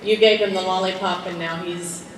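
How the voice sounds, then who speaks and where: A woman's voice: on the low side, fairly even intonation, moderate pace. An older woman, a grandmother, asking a question for her grandson at a convention panel, chatty and laughing as she stumbles over her words. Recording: echoey hall recorded from far off with noise.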